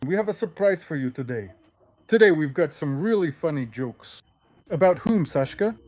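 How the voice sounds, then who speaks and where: A man hosting a show and telling jokes in a lively, animated way. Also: on the high side, normal speed, dry recording, muffled recording. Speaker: host and joke teller. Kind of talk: casual joke telling.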